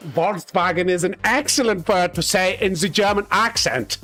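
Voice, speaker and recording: A man in his thirties with a fairly high voice, hosting a casual live gaming stream. He is cheeky and jokey, laughing often as he talks to his viewers, with faint game music in the background. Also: normal speed, sharp tone. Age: 30s. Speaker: streamer host.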